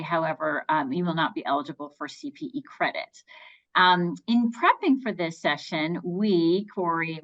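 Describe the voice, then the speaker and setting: A woman's voice: on the low side, highs cut off. Chatty woman hosting a webinar. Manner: chatty, filler-heavy, upbeat. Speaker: webinar moderator.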